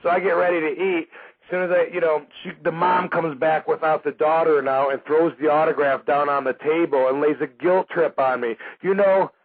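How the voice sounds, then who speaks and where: A man's voice: fairly high pitch, moderate pace. A man hosting a radio show, telling a story casually with lots of fillers and acting out the voices of the people in it. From Michigan, USA. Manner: animated, acts out quoted voices, frequent fillers. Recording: phone-like narrow band radio audio.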